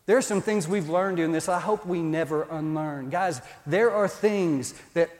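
A man's voice: on the high side, normal speed, darkish tone. A male pastor, preaching a sermon in a conversational, emphatic way. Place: church. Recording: long reverb in a church hall.

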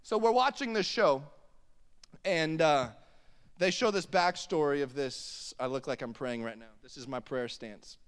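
A man's voice: fairly high pitch, unhurried, clean tone. A man in his thirties preaching a sermon, mixing humorous family stories with emphatic preaching in a church hall. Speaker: pastor. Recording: long hall reverb.

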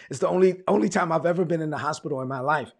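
A man's voice: fairly high pitch, fast talker, vocal fry, breathy edge. A man, a pastor telling his testimony in a sermon, repeating words as he tells the story. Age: 40s.

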